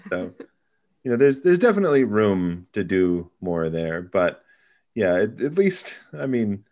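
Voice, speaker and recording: A man with a fairly low voice talks through a film with friends in an easygoing way. He hesitates a lot, restarting sentences and filling gaps with ums and you-knows. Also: big pitch swings, a little slow, darkish tone. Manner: hesitant, many fillers and restarts. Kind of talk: casual film discussion.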